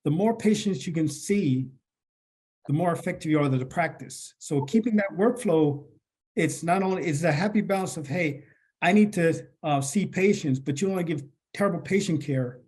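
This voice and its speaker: A man co-hosting a business podcast, explaining in a steady, plain-spoken way. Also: fairly high pitch, normal speed, husky. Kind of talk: casual business podcast talk.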